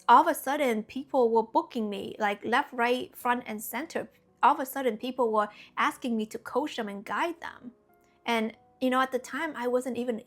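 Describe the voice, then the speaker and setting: A woman's voice: fairly high pitch, fairly bright tone. A woman spiritual coach talking casually to her viewers, earnest and chatty, often adding "you know" and "okay?". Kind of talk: casual spiritual talk to camera.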